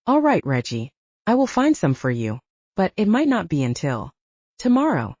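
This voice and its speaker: A woman's voice: on the low side, wildly swooping pitch, normal speed, a little mellow, no room sound, highs cut off, exaggerated voice. A woman voicing a wry, shrewd young male hero in a storybook reading. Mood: bargaining.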